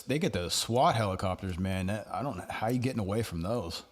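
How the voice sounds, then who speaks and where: A man's voice: lowish voice, expressive, fairly quick. A man co-hosting a podcast, chatting in a laid-back, slangy way. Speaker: podcast co-host. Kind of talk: casual chat.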